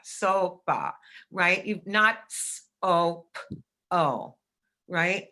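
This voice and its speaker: A middle-aged woman gives a lecture in a bright, forceful voice that sits a little low. She explains emphatically and sounds out example words. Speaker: teacher educator presenting. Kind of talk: webinar lecture.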